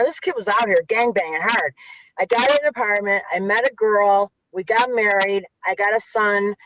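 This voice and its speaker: Speaking in a mid-range voice with no echo, this Chicago-accented woman gives a frank interview as an author and youth interventionist. Her language is blunt and full of profanity, and she often starts sentences over. The recording sounds muffled and low quality.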